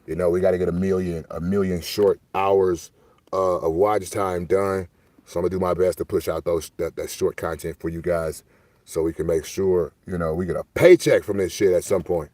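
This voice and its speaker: Deep-voiced man telling loose, profane stories. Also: moderate pace, dry recording. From Milwaukee. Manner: loose, profane, animated storytelling. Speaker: streamer. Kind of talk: casual storytelling monologue.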